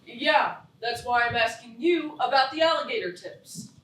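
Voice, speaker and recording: An actress playing a chatty young beach bum fussing over party food. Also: female voice, on the high side, lively intonation, moderate pace, a bit bright, a little hiss or hum. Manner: fussy, chattering. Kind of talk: live stage acting. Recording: echoey theatre stage from far off.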